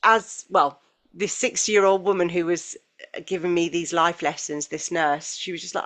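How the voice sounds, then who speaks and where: A woman's voice: on the low side, fairly even intonation, normal speed, a bit bright. Woman hosting a chat. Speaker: podcast co-host. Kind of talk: casual chat.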